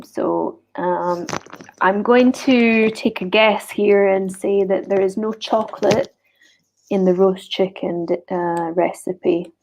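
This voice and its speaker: A woman teaching an online grammar lesson, slowly repeating each example sentence. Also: medium pitch, fairly even intonation, a little hiss or hum. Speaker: English teacher. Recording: dull lo-fi recording.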